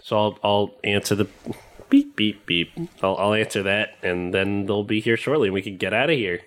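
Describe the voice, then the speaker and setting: Man, tabletop player, low voice, casual, joking. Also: moderate pace.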